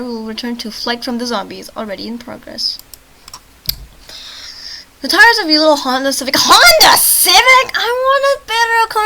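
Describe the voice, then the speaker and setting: Bright, chatty woman reading a game aloud. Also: a little high, poor audio. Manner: trips over words and restarts, breaks off into joking comments. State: tired from little sleep. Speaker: gaming channel host.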